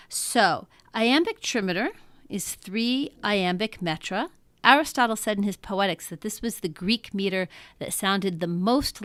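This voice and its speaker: A woman teaching a lesson in a patient, explanatory way, often pausing to check in with her listeners. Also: fairly low pitch, fairly bright tone, smooth, no echo. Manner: patient, explanatory, frequent "um" and "okay?" check-ins. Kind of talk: classroom lecture.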